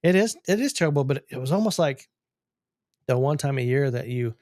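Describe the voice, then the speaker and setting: Fast-talking joking man podcast host. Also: medium pitch, animated, darkish tone, no room sound, studio quality. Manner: joking, playful banter. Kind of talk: casual chat.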